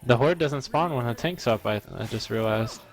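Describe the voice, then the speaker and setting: A man with a mid-pitched voice co-casts a competitive video game match. He thinks aloud as he talks, and his musing is often hesitant, with pauses and trailing phrases. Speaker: game co-commentator. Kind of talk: esports commentary.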